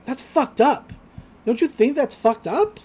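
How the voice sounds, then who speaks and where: Tough, defiant teenage fighter girl, read out by a woman podcaster, blunt and forceful. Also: sits high, animated, measured pace, breathy edge, voice pushed up, heavily acted.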